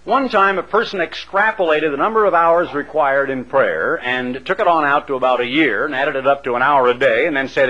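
A man's voice: medium pitch, fairly quick, hardly any pauses, pushed and bright, lo-fi sound. A man delivering a radio sermon as an evangelist broadcaster, with dramatic emphasis. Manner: dramatic, swooping emphasis with acted-out voices.

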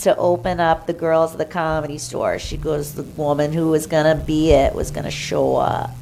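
A woman telling a story in a casual chat, animated, acting out what others said in higher voices. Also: moderate pace, creaky, a little hiss or hum, low-quality recording. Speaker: guest.

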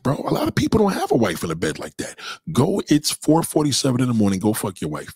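A man's voice: mid-range voice, wildly swooping pitch, fast, creaky, hardly any pauses, a little mellow, breathy edge, no echo. A man hosting a livestream, reading chat and ranting in a profane, heated, emphatic way. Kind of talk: casual livestream rant.

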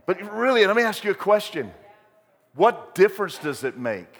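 A man's voice: high-pitched, big pitch swings, moderate pace, a bit bright. A male pastor preaching a sermon, telling folksy stories and building to emphatic bursts. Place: church sanctuary. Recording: long hall reverb.

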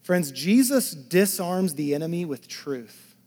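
Male pastor, husky, higher-pitched, preaches with big swings from full voice to soft near-whispers. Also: expressive, measured pace. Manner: shifts from loud emphatic preaching to hushed near-whispers; conversational asides to the congregation. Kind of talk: sermon.

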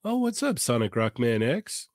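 A man's voice: mid-range voice, big pitch swings, normal speed, no echo. A man hosting a casual live stream on a home studio mic, upbeat, laughing often and giving tech tips. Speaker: podcast host.

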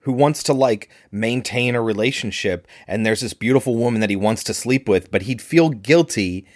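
A man's voice: medium pitch, moderate pace, no echo, studio quality. A man co-hosting a podcast, chatting casually and analytically about a film. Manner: chatty, analytical, acts out quotes. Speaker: podcast co-host.

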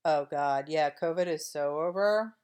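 A woman's voice: deep voice, unhurried, a little mellow, smooth. A woman co-hosting a podcast in casual chat, rambling and wry with lots of fillers. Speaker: podcast co-host.

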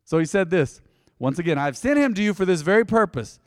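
A man's voice: high-pitched, expressive, fairly quick, dry recording, clean studio sound, in a large hall. A man preaching a sermon as pastor, talking in a loose, joking way and calling on the congregation to answer back. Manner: conversational, joking, calls on the congregation to respond. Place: church sanctuary.

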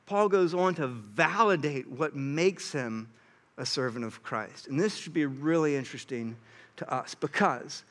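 A young man preaching a sermon, earnest and animated, sometimes acting out what others say. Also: on the high side. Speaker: pastor.

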